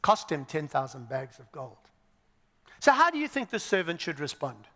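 A male preacher delivering a sermon in an animated style, swinging between loud and hushed. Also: on the high side, moderate pace, in a large hall.

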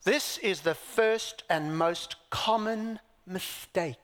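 A man's voice: high voice, slow pace, fairly bright tone. A man preaching a sermon with emphatic repetition and rhetorical questions to a congregation. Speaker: pastor. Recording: live in a reverberant hall.

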